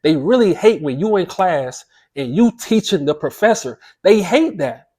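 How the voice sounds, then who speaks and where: A man's voice: high voice, expressive, normal speed, warm tone, breathy edge. A man reading passages aloud and then breaking into impassioned, emphatic commentary full of rhetorical questions. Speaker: commentary channel host.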